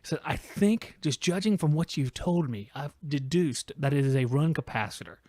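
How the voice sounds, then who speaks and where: A man's voice: a little high, normal speed, dry recording, studio quality. A man hosting a live call-in trade show from home, telling jokey stories and acting out quotes and noises. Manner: animated joking storyteller, acts out quotes and noises. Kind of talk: casual live-stream chat.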